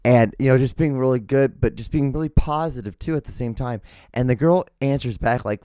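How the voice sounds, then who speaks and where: A man's voice: medium pitch, a little fast, few pauses, mellow, clear, resonant tone, no echo, clean studio sound. A man hosting his own podcast in a casual, rambling solo monologue, profane and self-mocking. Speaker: podcast host.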